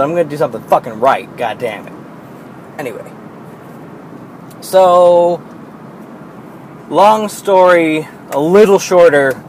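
A man's voice: on the high side, a little hiss or hum, low-quality recording. A young man, a new father, telling a rambling personal story in a casual, profane way.

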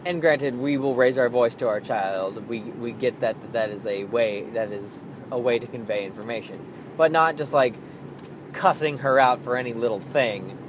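A man's voice: mid-range voice, background noise. A young man talking candidly about being a parent, swearing freely and acting out his own frustrated outbursts. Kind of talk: casual monologue.

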